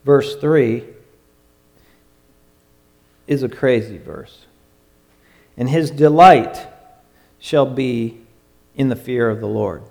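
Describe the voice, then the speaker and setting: A man preaching a sermon in an emphatic way, stretching out his phrases and sometimes dropping to a hush. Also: medium pitch, slow pace, gravelly, pauses often. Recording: long hall reverb.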